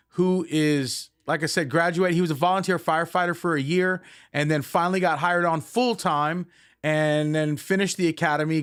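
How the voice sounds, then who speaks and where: A man's voice: a little high, a bit bright. A middle-aged man and band frontman chatting casually and affectionately to viewers on a live stream, rambling with many fillers.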